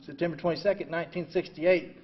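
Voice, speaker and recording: A man's voice: on the high side, fairly even intonation, quick pace. Older man, rambling recovery talk. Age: 70s. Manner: blunt and self-mocking, full of "you know"; swings between quiet reflection and loud outbursts. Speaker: recovery meeting speaker. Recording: dull lo-fi recording.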